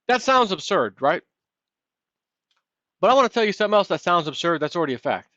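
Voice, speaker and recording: A man's voice: high voice, sing-song, a little fast, bright, forceful tone, no room sound. Ranting, sarcastic man with a raised voice. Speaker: vlog host. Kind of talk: political commentary rant. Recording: dull, lo-fi, dry.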